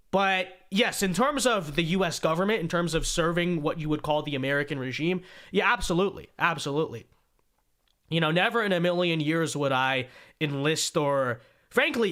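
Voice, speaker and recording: High, bright-voiced male livestream host. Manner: animated, repeats words when starting sentences. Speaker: show host. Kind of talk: livestream political commentary reading viewer donations.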